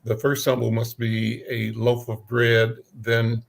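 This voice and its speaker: A man hosting an interview show, speaking casually and haltingly with many fillers. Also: mid-range voice, monotone, gravelly. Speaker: talk show host.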